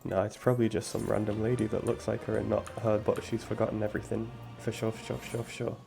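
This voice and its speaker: A man's voice: fairly low pitch, little pitch movement, quick pace, gravelly, music in the background. A man co-streaming a game, reading its dialogue aloud with laid-back, dry asides. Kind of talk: casual gaming chat and dialogue read-alouds.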